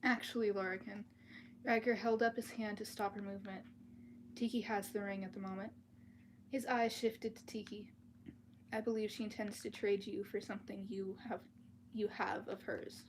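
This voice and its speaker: A woman's voice: mid-range voice, flat delivery, normal speed, a little hiss or hum. A woman reading a fantasy novel aloud at home on a livestream, in a casual, chatty way. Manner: casual, chatty, restarts words and apologizes. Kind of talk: live-streamed book reading with chat asides. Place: at home, dogs outside the door.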